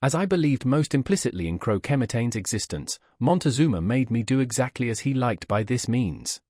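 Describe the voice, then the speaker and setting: A man reading a classic tale aloud as an audiobook narrator, with expressive delivery and a husky voice, recorded close on a dry mic. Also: mid-range voice, fairly quick, dry recording.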